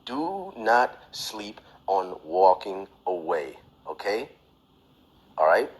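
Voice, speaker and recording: A man on a livestream giving blunt, profane advice, lecturing the viewer and mocking others in a whiny high voice. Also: sing-song, takes it slowly, husky, poor audio. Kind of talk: instagram live rant. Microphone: phone.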